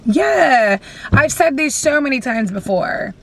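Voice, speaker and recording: A woman's voice: sits high, lively intonation, takes it slowly, a little hiss or hum. A young woman vlogging from her car, venting bluntly and animatedly with plenty of swearing. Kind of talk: casual venting vlog.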